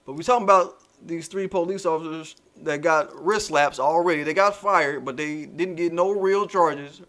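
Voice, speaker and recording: A man hosting a casual commentary stream, ranting in profane, animated street slang. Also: fairly high pitch, normal speed. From United States. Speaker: channel host.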